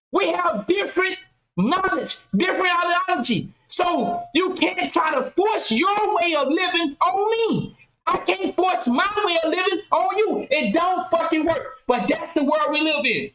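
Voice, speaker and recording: Woman podcast host going off, loud and passionate, lots of questions, high voice, echoey room. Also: background noise. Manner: loud, impassioned, rhetorical questions. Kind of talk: passionate social commentary.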